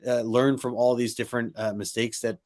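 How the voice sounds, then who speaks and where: A man co-hosting a comics stream who speaks in a relaxed way, with many hesitations and fillers. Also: medium pitch, a little fast. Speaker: co-host. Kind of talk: casual comic book discussion.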